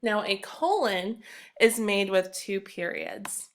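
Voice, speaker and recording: Slow but animated, a young teacher with a mid-range voice delivers an upbeat, emphatic recorded grammar lesson to her class. She reads the example sentences out loud as she goes.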